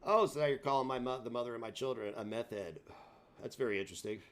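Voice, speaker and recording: A man's voice: mid-range voice, fast talker, a bit bright. A man hosting a live stream, taunting and mocking a caller in a sarcastic rant.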